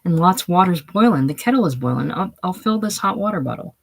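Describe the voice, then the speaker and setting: A reader voicing a frightened, breathless former showgirl in a casual play reading, raised and pleading with a husky tone. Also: medium pitch, lively intonation, a little fast, pitched above the performer's own voice. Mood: anxious.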